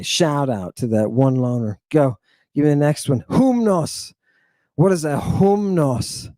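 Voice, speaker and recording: A man giving an animated, playful language lesson, slowly repeating words for his students to drill. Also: a little high, no room sound. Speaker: teacher.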